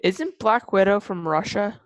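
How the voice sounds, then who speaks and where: A woman's voice: mid-range voice, expressive, a little slow, no echo, rough recording. A woman speaking up as a student in a class discussion, hesitant, with many ums and uhs.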